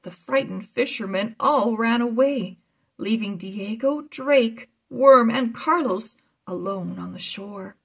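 A woman reading a children's chapter book aloud, with slow, deliberate storytelling. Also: a little high, gravelly, a bit bright, breathy edge.

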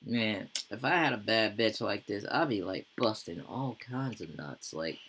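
A man's voice: on the low side, measured pace, background noise. A man giving casual gameplay commentary as a YouTuber, rambling and full of profane slang. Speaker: gaming YouTuber.

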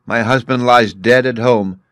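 A man's voice: medium pitch, fairly even intonation, unhurried, dry recording, studio quality, pitched above the performer's own voice, natural voice. A man voicing an anxious young wife. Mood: mock grief.

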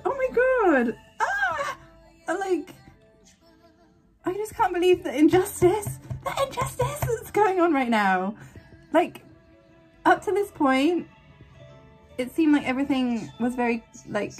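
A woman hosting a casual anime reaction, excitable and gasping, swinging between squeals and quiet murmurs. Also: sits high. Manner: excitable, gasping, frequent exclamations. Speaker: anime reaction channel host.

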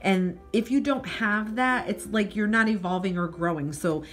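A woman giving an earnest, rambling spiritual reading, repeating her questions and pausing with fillers. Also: medium pitch, faint music behind. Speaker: tarot reader.

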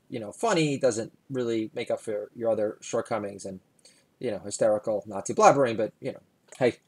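A man's voice: medium pitch, a little mellow. A male comedian delivering a sarcastic, rambling comedy monologue full of asides.

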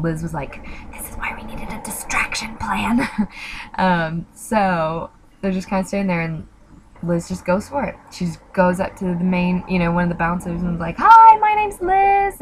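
A woman's voice: on the low side, slight background noise, rough recording. A young woman casually recounting a story, rambling with many fillers and acting out what others said. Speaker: missionary recounting outreach.

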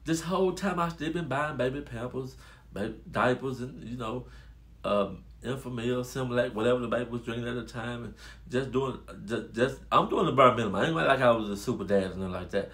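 A man casually telling a personal story to his viewers, animated and addressing them as y'all. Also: medium pitch, a little fast. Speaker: storytelling vlogger.

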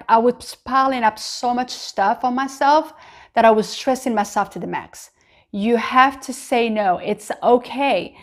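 A woman's voice: a little high, a little mellow. A woman in her thirties giving an encouraging faith-based self-help talk to camera, earnest and full of "you know" asides. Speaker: vlogger.

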